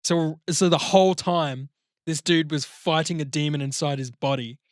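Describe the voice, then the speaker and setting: A man's voice: fairly high pitch, moderate pace, no room sound. Rambling swearing podcast man, dry sound. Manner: rambling, swears often, acts out voices. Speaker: podcast co-host. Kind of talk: casual chat.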